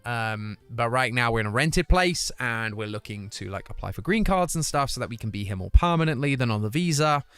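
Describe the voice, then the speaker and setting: A man's voice: medium pitch, lively intonation, a little fast, hardly any pauses, fairly bright tone, smooth, faint music behind. A young British man chatting casually on his live stream, reading viewer comments aloud and answering them. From United Kingdom.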